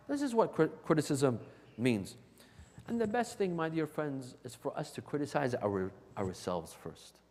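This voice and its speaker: A man's voice: fairly high pitch, sing-song, a little slow, a little mellow. A man giving an emphatic sermon, repeating key phrases for stress. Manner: emphatic and repetitive, restating points for stress. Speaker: religious lecturer. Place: large hall of a religious center. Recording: long hall reverb.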